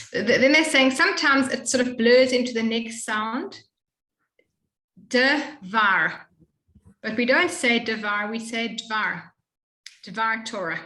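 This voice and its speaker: A woman tutoring a student in Hebrew reading, explaining patiently and slowly modeling each sound. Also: a little high, sharp tone, roomy sound, low-quality recording. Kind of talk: one-on-one reading lesson.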